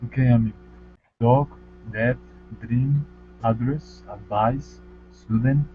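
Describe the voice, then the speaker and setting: Slow, careful man on a call. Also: medium pitch, steady tone, slight background noise. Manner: slow, careful word reading. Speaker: student. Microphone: video call. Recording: muffled lo-fi call audio.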